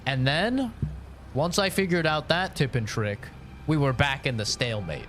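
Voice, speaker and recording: A man's voice: mid-range voice, animated, normal speed, fairly bright tone, slight background noise. A young man chatting on a gaming stream, telling crude, profane, rambling stories. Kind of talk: casual stream chat.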